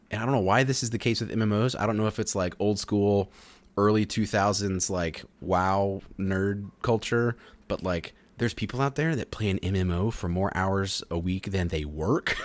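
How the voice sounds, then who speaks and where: A man's voice: deep voice, no echo. A young man co-hosting a casual video game podcast, telling stories and acting out quotes. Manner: animated storyteller who acts out quotes. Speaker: podcast co-host. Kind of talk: casual chat.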